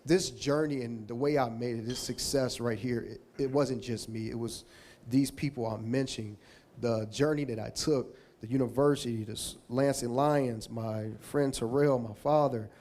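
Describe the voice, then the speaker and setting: A man's voice: medium pitch, steady tone, moderate pace, darkish tone, slight background noise. Emotional man giving a heartfelt award speech. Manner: emotional, rambling, thanking people one by one. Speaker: Hall of Fame inductee giving an acceptance speech.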